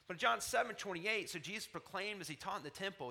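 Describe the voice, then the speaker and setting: A man delivering a sermon with a bright, ringing voice pitched a little high. His preaching swells to emphatic peaks and drops to soft, tender asides. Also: expressive, quick pace, creaky, hardly any pauses. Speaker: pastor.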